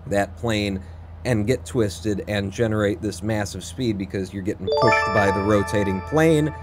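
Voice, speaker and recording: A man giving live commentary while he plays through a speedrun, excitable and talking quickly, with sudden jumps in pitch. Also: soft background music. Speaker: speedrunner streamer.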